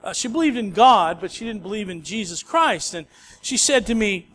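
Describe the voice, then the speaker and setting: A man's voice: sits high, lively intonation, normal speed, a bit bright, slight background noise. A male pastor preaching a sermon in a conversational storytelling way.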